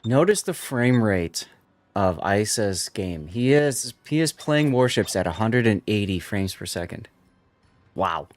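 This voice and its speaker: A man's voice: lowish voice, lively intonation, measured pace, dry recording. Male streamer casting a match live, unpacking the tactics for viewers. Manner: explanatory, walks viewers through tactics. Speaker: streamer and tournament commentator. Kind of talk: live game commentary.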